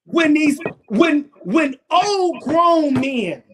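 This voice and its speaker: Man, very high voice, preaching cadence, shouts at peaks. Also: lively intonation, drawn-out words. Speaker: talk show panelist. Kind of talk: impassioned talk show discussion.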